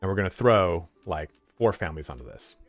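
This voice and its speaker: Low-pitched and animated, this man speaks a little fast in an echo-free recording with soft background music. He streams a strategy game from home, keeping the chat easygoing and profane and turning aside now and then to give his dog orders.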